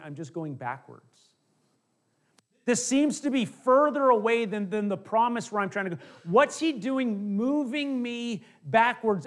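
High-voiced man preaching a conversational sermon. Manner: conversational preaching with acted-out asides, swings from emphatic to hushed. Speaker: pastor.

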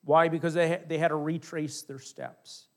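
A middle-aged male pastor preaching a conversational sermon, acting out little asides and dropping from emphatic to hushed. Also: fairly high pitch, flat delivery, normal speed.

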